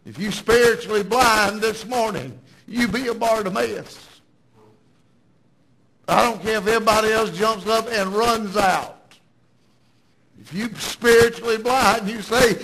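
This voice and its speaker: Male preacher, emphatic sermon delivery, breathy and high. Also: a little slow, long pauses, fairly bright tone, poor audio. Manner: dramatic, emphatic storytelling.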